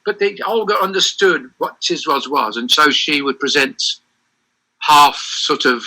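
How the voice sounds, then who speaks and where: An older man with a bright, cutting tone and a pitch a little above most men's. He tells rambling stories in an animated way, often stopping to restart a sentence. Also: unhurried, poor audio. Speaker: interview guest. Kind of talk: reminiscing interview over a call.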